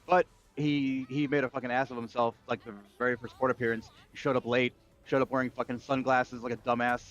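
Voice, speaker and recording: A man streaming, telling a long story as a profane, ranting chat. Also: medium pitch. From United States. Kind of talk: casual livestream chat. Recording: dull lo-fi mic.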